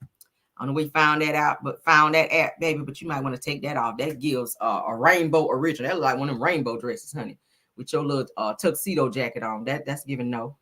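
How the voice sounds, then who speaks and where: A woman's voice: a bass voice, brisk, pushed and bright. A woman hosting a casual celebrity gossip livestream, talking sassily to her chat and peppering her talk with "honey" and "child".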